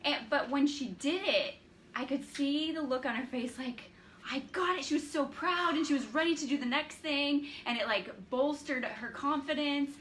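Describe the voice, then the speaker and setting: A woman's voice: high voice, moderate pace, fairly bright tone, a little hiss or hum. A woman co-hosting a faith-based parenting chat, telling candid, self-deprecating stories about her kids. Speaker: co-host.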